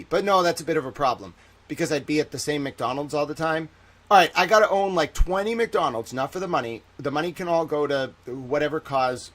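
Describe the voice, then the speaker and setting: A man's voice: on the high side, a bit bright. A man hosting a live stream, rambling in a profane, jokey, casual rant.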